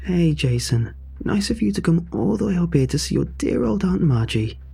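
A man's voice: on the high side, big pitch swings, normal speed, gravelly, mellow, husky, faint music behind, pitched above the performer's own voice, exaggerated voice. A man voicing an eccentric older woman inventor who is overly cheerful and slightly manic, talking in a rambling, sing-song way. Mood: cheery.

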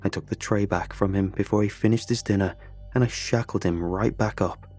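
A man's voice: on the low side, steady tone, brisk, darkish tone, husky, faint music behind. A man narrating a first-person horror story in a tense, confessional way.

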